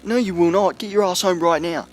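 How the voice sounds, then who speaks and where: A man's voice: high voice, brisk, slight background noise, voice pushed up, close to an everyday voice. A young man voicing his angry mother, scolding and swearing. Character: furious yelling mother, middle-aged woman.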